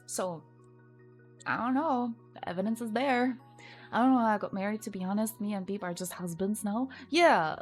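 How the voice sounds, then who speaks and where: A woman's voice: on the high side, darkish tone. A young woman streaming her art, chatting casually and teasing her viewers as she reads their messages.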